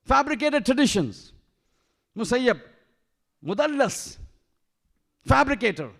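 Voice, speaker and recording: A shaykh preaches in a mosque with a strikingly high-pitched male voice. He presses his points with rhetorical questions and drops in Arabic terms and verses as he goes. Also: big pitch swings, slow, a bit bright. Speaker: shaykh giving a majlis lecture. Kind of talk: sermon.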